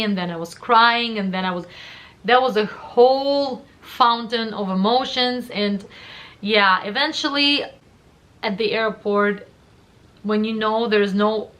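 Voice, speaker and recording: Young woman for a personal vlog story, heartfelt and emotional, middle pitch. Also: a bit bright. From Russia. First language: Russian. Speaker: vlogger.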